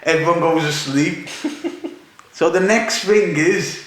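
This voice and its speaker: A podcast host from the north of England spins a rowdy story in loose, animated chat, laughing his way through it. His voice sits a little high for a man. The room rings around him with heavy echo. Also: slow pace. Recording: echoey room.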